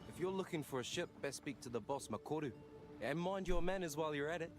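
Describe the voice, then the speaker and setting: An actor playing a gruff male ship's first mate with a New Zealand accent, giving curt warnings in a video game. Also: on the high side, expressive, quick pace, natural voice. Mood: stern. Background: game music.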